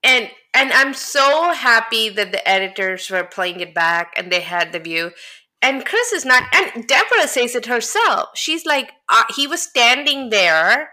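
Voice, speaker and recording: A woman co-hosting a casual podcast, chatting about reality TV and chiming in with quick agreement and laughter. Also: on the high side, lively intonation, pushed and bright. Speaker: podcast co-host. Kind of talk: casual reality TV recap chat.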